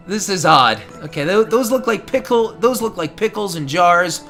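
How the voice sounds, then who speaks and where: A man's voice: sits high, lively intonation, a little slow, hardly any pauses, bright, forceful tone, faint music behind. A man giving casual, rambling gameplay commentary, amused and talking straight to his viewers. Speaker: let's play commentator.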